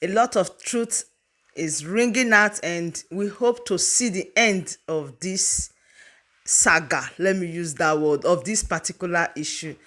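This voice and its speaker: A woman's voice: lowish voice, measured pace, a bit bright. A woman hosting a video channel, speaking directly to her viewers. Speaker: channel host. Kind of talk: vlog outro.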